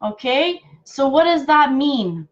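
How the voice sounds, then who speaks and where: A woman reads cards for her live viewers in a slow, unhurried way, her voice sitting fairly high. She is affectionate and halting, full of fillers and restarts. The audio is dull and lo-fi. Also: expressive. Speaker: intuitive card reader. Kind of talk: live card reading for viewers.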